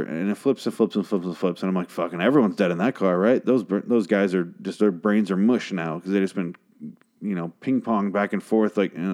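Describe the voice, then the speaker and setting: A man talking in a hushed way late at night at home, casually recapping a TV episode and swearing often. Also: deep voice. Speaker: show recapper. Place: home at night, a girlfriend asleep in the next room.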